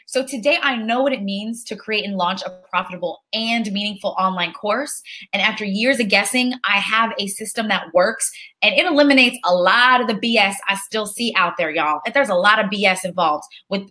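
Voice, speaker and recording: Bright, lively woman teaching a live webinar. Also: medium pitch, a little fast. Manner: energetic, preacher-like call and response; chatty, reads audience names aloud. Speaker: online course instructor.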